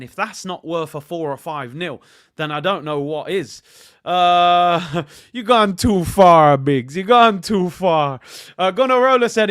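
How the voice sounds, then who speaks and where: A young man chats on a casual fan livestream. His voice sits a little high, and he swings from quiet muttering to loud, animated exclamations. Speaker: football channel host. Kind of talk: casual live-stream fan chat.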